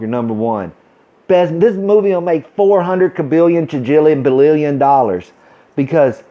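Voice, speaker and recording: Man, sarcastic vlog rant, mock excitement, high voice, dull lo-fi audio. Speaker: vlogger.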